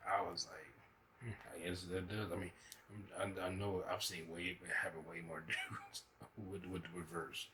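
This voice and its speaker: A man's voice: deep voice, level tone, moderate pace, bright, forceful tone, slight background noise, poor audio. A man hosting a reaction video, talking loosely and profanely as he laughs through stories. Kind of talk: casual reaction commentary.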